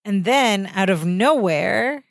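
A woman's voice: mid-range voice, animated, takes it slowly, vocal fry, dry recording, clean studio sound. A woman co-hosting a podcast, casually retelling an episode and quoting its characters. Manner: chatty, quotes characters, lots of "like". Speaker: podcast co-host. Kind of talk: casual recap chat.

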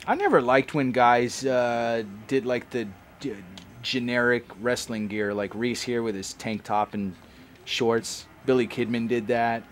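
A man's voice: mid-range voice, fairly even intonation, measured pace, a little hiss or hum. A man giving casual, rambling commentary as he plays a game, chatting like a longtime fan. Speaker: let's play host.

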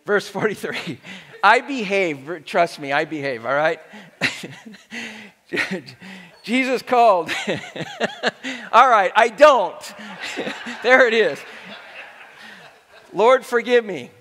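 A middle-aged male pastor preaching a sermon to his congregation, animated and joking, getting the crowd to respond. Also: high voice, takes it slowly, pauses often. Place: large church hall. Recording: reverberant church hall.

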